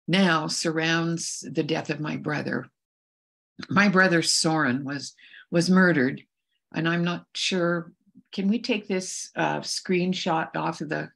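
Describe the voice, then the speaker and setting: A middle-aged woman, a guest speaker on a video call, telling a personal story in an earnest, measured way with frequent restarts. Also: low-pitched, vocal fry, a bit bright, breathy edge.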